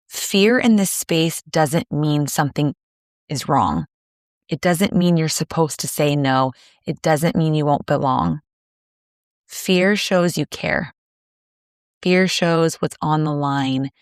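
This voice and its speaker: A woman hosting a solo podcast, speaking in a gentle, soothing, measured way with pauses. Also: deep voice, no room sound, clean studio sound. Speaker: podcast host. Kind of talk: reflective solo podcast monologue.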